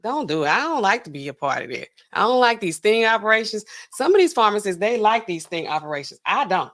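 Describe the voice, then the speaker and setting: A woman pharmacist hosting a casual livestream, chatting to viewers and acting out customers in quick asides. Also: mid-range voice, sing-song, a bit bright.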